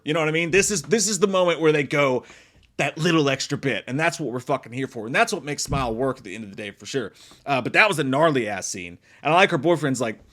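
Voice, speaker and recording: A man casually reviewing a horror movie, swearing freely and acting out lines in loud shrieking voices. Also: a little high, fast. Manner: profane, animated, acts out quotes in big shrieking voices. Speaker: movie review podcast host. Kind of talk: casual spoiler review chat.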